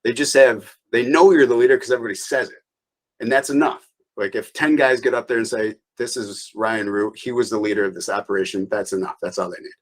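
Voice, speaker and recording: A man's voice: medium pitch, fairly even intonation, fairly quick, rough recording. A man being interviewed, telling a long story in a loose, rambling way with restarts and small laughs. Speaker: interview guest.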